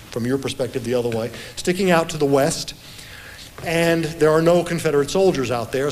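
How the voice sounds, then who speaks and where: A man's voice: fairly high pitch, a little mellow, slight background noise. Man telling a battle story. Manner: measured, explanatory, reads aloud from his own book. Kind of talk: lecture-style historical storytelling.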